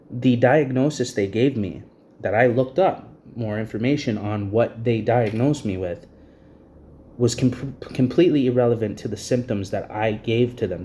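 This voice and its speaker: A man's voice: mid-range voice, dark tone, a little hiss or hum. A man in his thirties ranting to camera in an agitated, repetitive way, short of breath, with frequent "you know what I mean" fillers. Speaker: vlogger.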